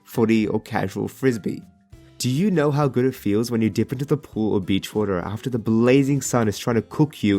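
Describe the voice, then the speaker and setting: Wry Australian man narrating a vlog. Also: medium pitch. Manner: joking, wry. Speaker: YouTuber.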